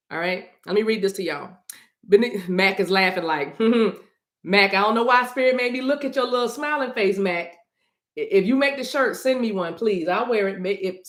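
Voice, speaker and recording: A woman's voice: mid-range voice, echoey room. A woman doing a casual livestream card reading, chatting with her audience and reading messages aloud. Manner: chatty, sings snippets, addresses chat directly. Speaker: spiritual reader.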